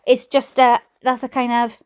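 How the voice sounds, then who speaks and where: Welsh woman, high voice, reading a book aloud, giggly chatty asides. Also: monotone, moderate pace, smooth. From Wales. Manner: giggly, often breaks into laughter. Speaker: reader and streamer.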